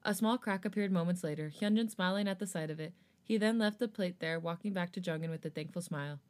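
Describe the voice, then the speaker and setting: A woman's voice: on the low side, fast, darkish tone. A woman podcast host narrating a fanfiction story in a casual reading voice. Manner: casual narration, laughs at slips.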